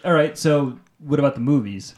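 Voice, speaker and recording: A man's voice: on the high side, fairly quick, darkish tone. A man hosting a casual podcast chat with friends, steering it with questions and jokes. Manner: steers the talk with questions, jokey. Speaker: podcast host.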